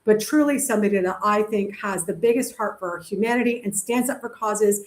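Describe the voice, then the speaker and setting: A woman's voice: mid-range voice, a little fast, roomy sound. A woman hosting a podcast from home, from Canada, bubbly and playful, breaking into bits of show tunes. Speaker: podcast host.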